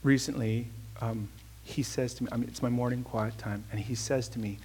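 A man's voice: medium pitch, steady tone, normal speed, a little mellow, a little hiss or hum. A man preaching a conversational sermon, telling a personal story with earnest emphasis and then leading a prayer.

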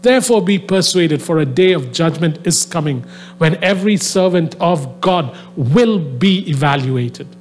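Fervent man preaching, higher-pitched voice. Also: animated, a little slow, soft background music. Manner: conversational storytelling with many fillers, rising to fervent exhortation. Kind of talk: sermon to a live audience. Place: venue with a soundboard.

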